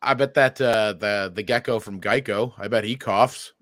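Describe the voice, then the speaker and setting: A man co-hosting a comedy podcast, trading crude, profane jokes in casual banter with a deadpan edge. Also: fairly low pitch, normal speed, no room sound. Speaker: podcast co-host.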